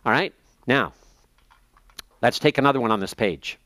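A man in a seminary lecture, explaining texts step by step, slowing down to spell out terms and page numbers, thinking aloud as he checks his notes. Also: mid-range voice, animated, sharp tone, no echo. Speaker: seminary professor. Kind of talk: classroom lecture.

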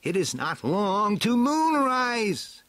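A man doing Skeletor, shrill raging villain. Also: big pitch swings, no echo, full character voice. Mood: urgent. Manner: high, strained, slow shouting. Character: villainous skeletal male warlord, shrieking and rageful. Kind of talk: storybook reading.

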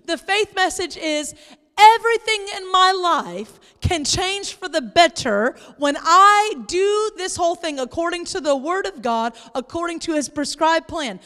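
A woman pastor preaching a sermon in church, lively and playful, sometimes acting out exasperated voices. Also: very high voice, a little slow, big-room sound. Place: church sanctuary.

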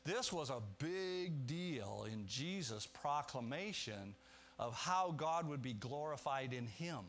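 A male pastor preaching with a slightly high voice. He moves between quiet, low reflective passages and raised, emphatic lines, and he asks the congregation rhetorical questions. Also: slight background noise. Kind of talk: sermon.

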